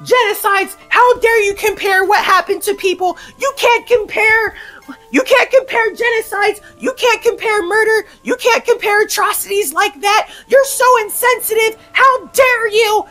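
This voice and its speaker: A man voicing an indignant teenage girl classmate who screams shrilly in a very high voice. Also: a little slow, bright, forceful tone, soft background music, exaggerated voice. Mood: outraged shrieking.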